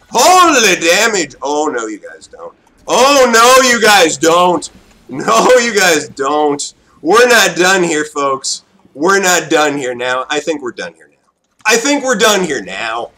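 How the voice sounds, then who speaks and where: Excitable young man, lively voice. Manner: excitable, swings from loud outbursts to low mutters. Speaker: gaming commentator. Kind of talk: live game commentary.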